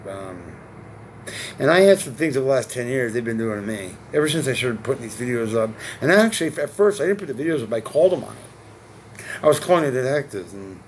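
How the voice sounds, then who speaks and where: A man's voice: mid-range voice, slight background noise. Guy in his 40s venting to a camera, mid voice, cussing a lot, rambles and loops back, keeps asking "right?". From Connecticut. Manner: agitated, profane, repeats himself, asks rhetorical questions. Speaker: vlogger.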